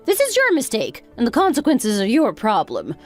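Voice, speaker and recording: Woman voicing a scornful older mother-in-law, sarcastic, scolding, lively swings in pitch, faint music behind. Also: moderate pace.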